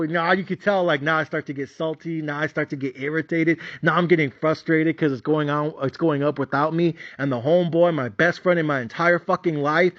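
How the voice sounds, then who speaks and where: A man hosting a podcast, telling stories in a profane, animated comedic rant that is full of repetition. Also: a little high, a little fast, hardly any pauses. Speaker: podcast host. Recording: slightly dull, dry lo-fi recording.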